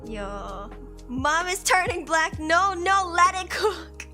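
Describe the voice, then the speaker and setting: Bright, chatty young woman streamer. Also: extremely high pitch, slow pace, faint music behind. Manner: chatty, laughs often, slangy. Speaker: VTuber streamer. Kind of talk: casual chat. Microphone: headset.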